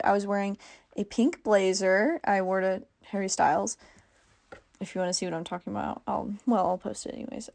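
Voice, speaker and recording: Chatty teenage girl with vocal fry. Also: medium pitch, darkish tone. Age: teens. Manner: chatty, full of "like" and self-corrections. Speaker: podcast host. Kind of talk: casual chat.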